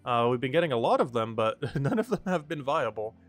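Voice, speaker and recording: A man's voice: medium pitch, very animated, brisk, soft background music. A man streaming a game, rambling casually with many fillers and frequent laughter. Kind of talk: casual game livestream commentary.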